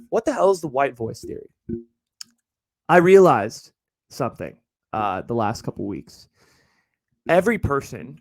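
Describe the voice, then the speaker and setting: A man's voice: mid-range voice, no echo, poor audio. A young man hosting his own podcast, rambling in a casual monologue with plenty of swearing and joking asides. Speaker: podcast host. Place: home recording setup with a ring light.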